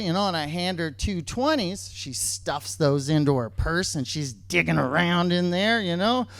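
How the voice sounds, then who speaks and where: A man tells a true story on stage, his pitch leaping up and down as he goes. He often repeats key lines for emphasis. The sound is close and dry, with almost no room around it. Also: no echo.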